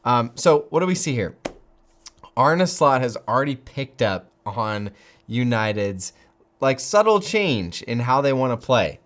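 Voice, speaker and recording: A man hosting a football fan channel, talking to camera in excited, gushing commentary and laughing often. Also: mid-range voice, measured pace.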